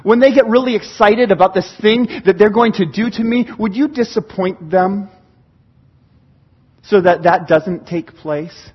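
A fervent psalmist cries out to God for rescue, as a preacher acts him out in a high, husky voice. The pleading comes through a slightly muffled recording. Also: male voice, measured pace. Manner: fervent pleading, quoted prayer.

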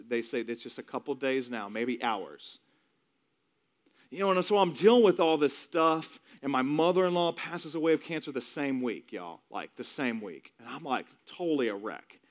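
A man in his forties giving a personal testimony, emotional and repetitive as he tells his story. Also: medium pitch. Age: 40s.

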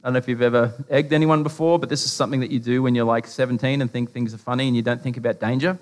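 Racing along in a steady, medium-pitched voice, an Australian pastor gives a conversational sermon that's casual, funny, and thick with stories and asides. A large hall lends it a long reverb.

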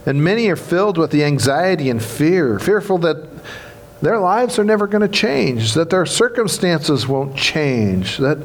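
A man preaching a sermon as pastor. He is emphatic, repeats key phrases and asks the congregation questions. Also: a little high. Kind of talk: Easter sermon.

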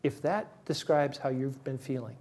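A man's voice: medium pitch, normal speed, a little mellow. A man preaching a sermon as pastor, conversational and emphatic, repeating key words for stress.

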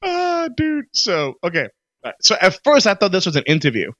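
A man co-hosting a casual podcast chat, animated and quick to laugh while telling stories. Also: sits high, no room sound. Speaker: co-host. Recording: dull, dry lo-fi audio.

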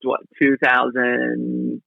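A man's voice: mid-range voice, completely flat delivery, very slow, vocal fry. A man in his thirties chatting casually as podcast co-host, laid-back and self-mocking. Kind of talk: casual chat. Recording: dull lo-fi audio.

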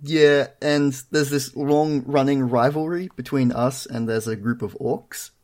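A man's voice: medium pitch, steady tone, measured pace, a little mellow. Dry, self-mocking young man telling stories. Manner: dry, self-deprecating storytelling. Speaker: podcast co-host. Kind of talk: casual chat.

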